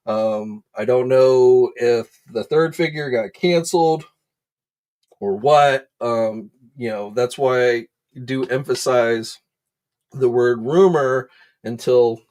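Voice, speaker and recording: A man hosting a casual livestream into his desk microphone. His pitch sits in the middle for a man, and he talks loosely, with frequent filler words and restarts. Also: darkish tone. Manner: chatty, many fillers, greets viewers by name. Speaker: host of an action figure news livestream.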